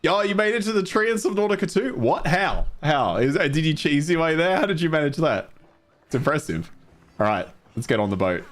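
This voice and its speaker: A man's voice: a little high, very animated, fairly quick. A man streaming a game casually, chatting with viewers and swearing now and then. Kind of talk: casual gameplay livestream.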